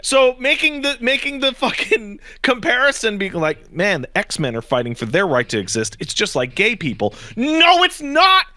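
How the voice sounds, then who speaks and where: A man's voice: very high voice, huge pitch swings, moderate pace, hardly any pauses, sharp tone, no echo. A man co-hosting a casual podcast, blunt and profane as he rants. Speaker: podcast co-host.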